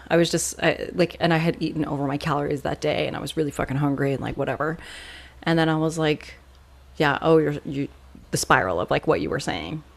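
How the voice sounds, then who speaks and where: A podcast co-host speaking frankly and reflectively, swearing casually in relaxed conversation. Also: medium pitch, creaky. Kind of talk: casual chat.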